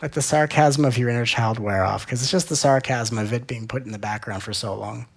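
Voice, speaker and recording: A man giving a spiritual talk in an animated, playful way, often acting out little dialogues. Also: medium pitch, fairly quick, creaky. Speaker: spiritual teacher.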